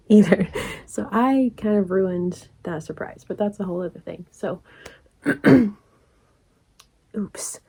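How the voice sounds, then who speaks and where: Rambling lady in her 40s, kinda gravelly, mellow tone, laughs a lot. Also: on the low side, steady tone, moderate pace. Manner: rambling, chatty, laughs often, drops to soft asides. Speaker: crochet vlogger. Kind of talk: casual storytelling vlog.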